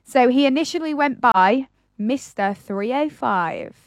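High-voiced woman radio co-host. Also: expressive, unhurried, no echo, studio quality. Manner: playful quiz-giving, sings snatches. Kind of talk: casual radio chat.

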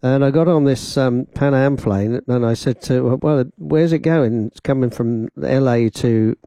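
This man presents a radio show, chatting his way through a rambling personal anecdote full of laughs and quoted voices. He speaks at a measured pace in a warm, medium-pitched voice, recorded on a studio microphone with headphones and no room sound.

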